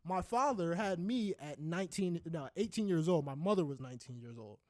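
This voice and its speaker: A man's voice: on the high side, lively intonation, fairly quick, darkish tone, no room sound, clean studio sound. A young man co-hosting a podcast, ranting heatedly and profanely with many restarts in casual talk. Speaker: podcast co-host.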